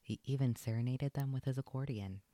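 A man narrating a children's storybook aloud in an expressive, lilting read. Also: medium pitch, brisk, no echo.

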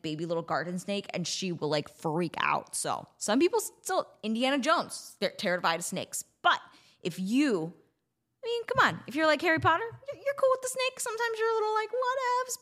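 A chatty woman hosts a solo podcast, rambling casually and reacting with quick bursts of delight. Her voice swings widely in pitch, from low mutters to high squeals. Her delivery is loose and playful. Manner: bubbly, chatty, with sudden high squeals of surprise. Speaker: podcast host.

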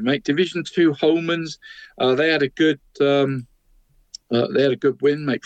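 A man's voice: on the high side, a little mellow, no room sound, lo-fi sound. Chatty man saying "mate" constantly. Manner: chatty, tags nearly every line with 'mate', chuckles at his own jokes. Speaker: podcast co-host reading local football results. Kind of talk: casual sports chat.

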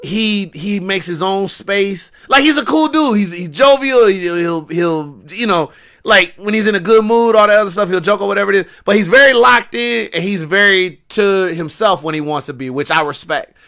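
A man telling wrestling stories on a podcast, animated and slangy, often repeating himself. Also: sits high, normal speed. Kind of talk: casual podcast storytelling.

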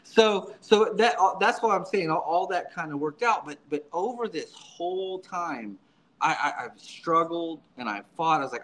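A man speaking as a church subdeacon in a relaxed interview, sitting a little above the usual male range. He talks earnestly and haltingly, doubling and tripling his words as he finds his way through each thought. The tone is plain, personal storytelling. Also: fairly high pitch, poor audio.

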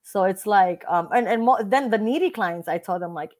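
A woman realtor talking casually in an interview, blunt and animated, often acting out what other people said. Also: mid-range voice, normal speed, few pauses.

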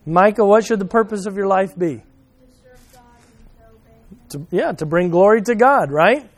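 A man preaching a sermon, asking his listeners questions and swinging from loud emphasis to quiet, soft remarks. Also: high voice, animated, a little slow. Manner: addresses listeners by name, asks questions. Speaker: pastor.

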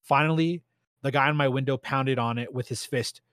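A man's voice: medium pitch, a little fast, dry recording. Man reading a story in a dry voice. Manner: steady, plain reading with slight stumbles. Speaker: story narrator. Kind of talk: reading a first-person story aloud.

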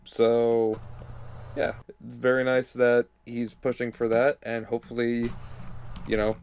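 A man co-hosting a casual podcast, laid-back as he reads out a news item. His medium-pitched voice stalls often on fillers and hesitations. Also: completely flat delivery, unhurried, a little mellow, clear, resonant tone. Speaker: podcast co-host, news anchor.

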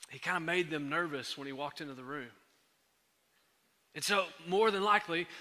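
A pastor delivering a sermon in a conversational way, full of fillers and restarts. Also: male voice, fairly high pitch, sharp tone, in a large hall.

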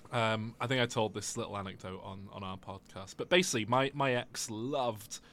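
A man's voice: on the low side, normal speed, a bit bright. A man co-hosting a podcast, chatting casually about a film and telling a rambling, self-mocking anecdote. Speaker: podcast co-host. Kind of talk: casual film review chat.

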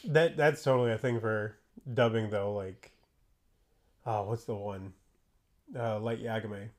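A man's voice: lowish voice, fairly even intonation, measured pace. A man co-hosting a podcast in casual chat, talking loosely with many fillers and restarts. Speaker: podcast co-host.

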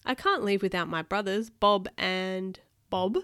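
A woman's voice: mid-range voice, unhurried, a bit bright, smooth, dry recording, studio quality, close to an everyday voice. Bob, a woman voicing an easygoing blobfish. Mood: cheerful. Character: easygoing male blobfish, floppy and slow.

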